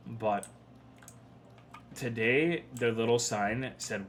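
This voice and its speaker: A man's voice: fairly low pitch, moderate pace, a bit bright, slight background noise. A young man from Texas giving rambling, profane commentary while livestreaming a video game, reading and answering chat. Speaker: game streamer.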